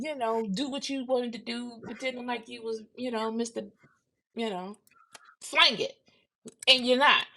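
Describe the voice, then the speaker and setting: A woman in her fifties hosting a podcast, talking bluntly and swinging from low murmurs to loud outbursts. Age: 50s. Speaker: podcast host. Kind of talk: casual monologue.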